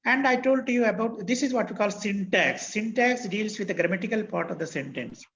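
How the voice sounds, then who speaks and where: Indian English man, online teacher: high gravelly voice, spells out terms, dull lo-fi call line with faint hiss. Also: a little fast, fairly bright tone. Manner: spells words out letter by letter, repeats key phrases. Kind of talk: online class lecture.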